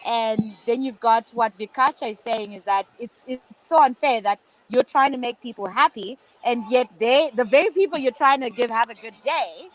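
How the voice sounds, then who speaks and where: A woman's voice: on the high side, normal speed, hardly any pauses, low-quality recording. A woman moderating a virtual panel discussion over a video call, speaking in an encouraging, conversational way.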